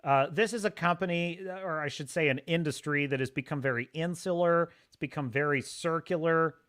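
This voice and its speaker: A man hosting a casual livestream, rambling excitably and reading chat messages aloud. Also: a little high, moderate pace, smooth. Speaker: livestream host.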